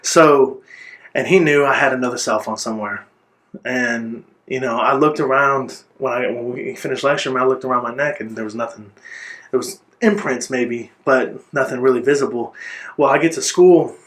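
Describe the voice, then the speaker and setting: Telling his life story in an interview, a man speaks in an earnest, reflective manner, occasionally stopping to find his words. His voice sits in the mid range and sounds a bit bright.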